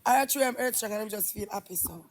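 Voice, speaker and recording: A woman with a Jamaican accent hosting a live stream in casual chat, loud and exclamatory, repeating herself. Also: mid-range voice, racing.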